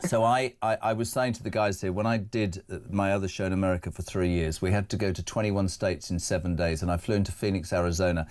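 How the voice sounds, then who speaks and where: A man's voice: sits low, fairly even intonation, quick pace, few pauses, darkish tone. A man hosting a live breakfast talk radio show, chatty with wry asides while reading out listener messages.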